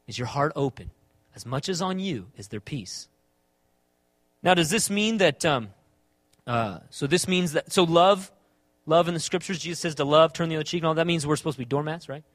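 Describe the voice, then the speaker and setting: High-voiced preacher, rhetorical and emphatic. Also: male voice, animated, moderate pace, no room sound. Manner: rhetorical questions, swings between soft and emphatic. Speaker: pastor. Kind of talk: sermon.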